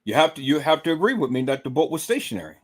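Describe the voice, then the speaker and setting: Racing along in a fairly high, very animated voice, a man hosts a livestream. He repeats himself emphatically, swears plenty, and keeps calling out to his viewers.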